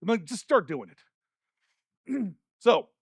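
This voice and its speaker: Animated high-voiced man preaching. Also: very slow, slightly rough, no room sound, studio quality. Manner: animated, jokey storytelling with rants. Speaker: pastor. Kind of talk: sermon. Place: church stage.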